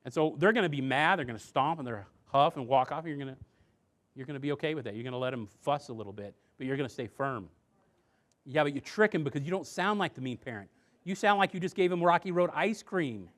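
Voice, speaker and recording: A man presenting a seminar on parenting and addiction to a live audience, talking conversationally with rhetorical questions and going soft and low on earnest points. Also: fast. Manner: conversational, rhetorical questions, acts out quoted voices.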